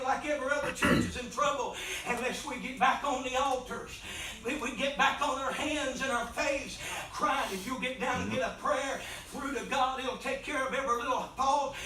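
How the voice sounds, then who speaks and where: A man preaching an impassioned revival sermon in a church, swinging between soft pleading and loud shouting. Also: very high-pitched, background noise. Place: church sanctuary. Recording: very echoey church from far off mic.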